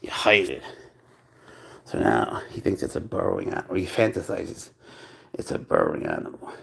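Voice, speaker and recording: Gravelly-voiced man coaxing his pet cat. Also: low voice, huge pitch swings, normal speed. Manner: coaxing, playful talk to the cat, calls it bro and buddy. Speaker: pet owner and channel host. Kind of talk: casual live-stream chat with his pet cat.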